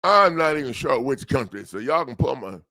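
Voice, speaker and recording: A man's voice: mid-range voice, lively intonation, a little fast, pushed and bright, no room sound, clean studio sound. An older man hosts a legal self-help livestream, rambling casually and joking at himself with frequent laughs.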